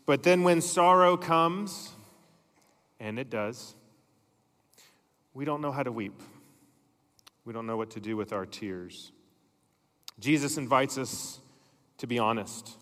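Pastor, male, middle-aged; gentle story-led sermon, unhurried, mid-pitched, big reverberant sanctuary. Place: church sanctuary.

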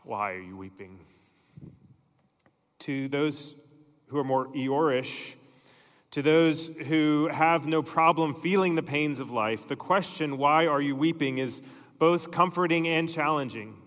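A middle-aged male pastor preaching a sermon in a church, telling stories and dropping his voice to soft, slow emphasis. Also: fairly high pitch, long reverb tail. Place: church sanctuary.

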